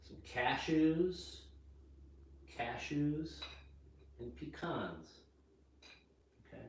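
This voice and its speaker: A man teaching English pronunciation in a home kitchen, slowly repeating each word in a drill. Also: mid-range voice. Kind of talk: slow vocabulary drill lesson. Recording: echoey room, voice from a distance, faint hiss.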